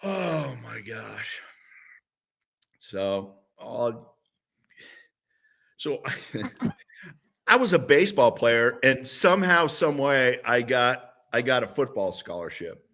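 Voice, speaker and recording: Slow, with long pauses, a mid-range male voice belongs to a sixtysomething ex-football player. He's a guest in a casual interview, telling stories in an animated, rambling way with frequent restarts.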